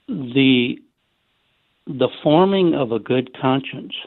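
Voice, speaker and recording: Guy calling in on the phone, tinny line, slow and halting. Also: mid-range voice, dry recording. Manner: hesitant, searching for words. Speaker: caller. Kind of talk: call-in question.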